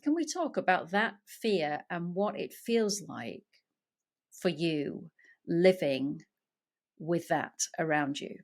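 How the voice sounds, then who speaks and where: Lowish-voiced woman host. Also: lively intonation, a little mellow. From Britain. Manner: thoughtful, measured, leading into questions. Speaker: podcast host. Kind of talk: interview questions.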